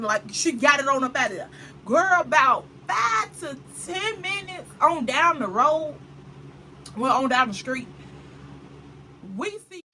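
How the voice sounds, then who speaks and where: Brief: woman storyteller, lively and dramatic, bright voice with faint background noise. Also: high voice, low-quality recording. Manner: animated and dramatic, full of slang asides to the viewer. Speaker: vlogger. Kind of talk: casual storytime chat.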